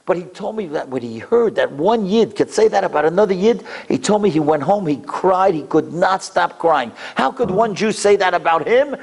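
A middle-aged man giving a storytelling lecture, animated and acting out voices in dramatic bursts. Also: high-pitched, moderate pace, gravelly.

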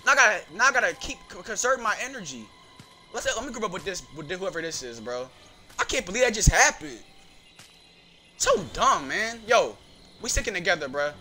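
A man giving excitable, slangy gameplay commentary, reacting loudly as he plays. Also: sits high, brisk. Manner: casual slangy talk. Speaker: gaming channel host. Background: game music.

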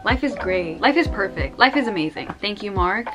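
Young woman gushing over a hoodie unboxing, excitable, slangy, music playing clearly behind her. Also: mid-range voice, normal speed. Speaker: vlogger. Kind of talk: casual unboxing vlog. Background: background music.

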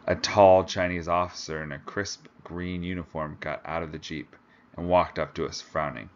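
A man reading a novel chapter aloud with a steady, plain delivery. The recording sounds dull and lo-fi. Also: very deep voice, normal speed, a little hiss or hum. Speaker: reader.

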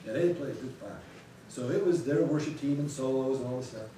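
Pastor, male, animated storyteller; distant mic, big room echo, faint hiss. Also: medium pitch, brisk. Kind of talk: church announcements before a sermon. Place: church sanctuary. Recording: echoey sanctuary, distant mic.

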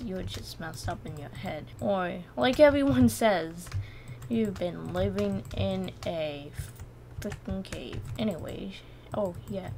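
A young woman commentating her gameplay casually, excitable, shrieking and repeating words when things go wrong. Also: medium pitch. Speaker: gaming channel host.

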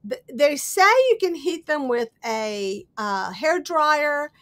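A woman's voice: high-pitched, sing-song, slow pace, fairly bright tone. A middle-aged woman hosting a casual live crafting chat, rambling and laughing often as she shows her finds. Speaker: host.

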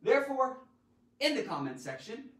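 A man hosting a playful live-streamed grammar lesson, theatrical and full of sudden loud exclamations. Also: very high-pitched, sing-song, normal speed, slight background noise. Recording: roomy echo, mic at a distance.

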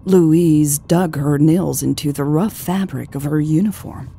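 A woman narrating a romance audiobook in a measured, calm reading. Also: low voice, soft background music. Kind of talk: scripted narration.

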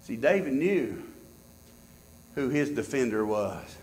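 A pastor preaching a sermon in church, swinging between loud high peaks and low, quiet asides. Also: male voice, big pitch swings, takes it slowly, reverberant, slight background noise.

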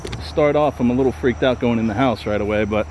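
A man's voice: medium pitch, fast, slight background noise, rough recording. Scared man vlogging a night ghost hunt. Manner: jittery, muttering to himself, calling out into the dark. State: frightened and shaky. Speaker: paranormal vlogger. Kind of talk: nervous solo ghost-hunt vlog. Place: abandoned trailer at night, indoors and out. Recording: night insects and crickets clearly audible.

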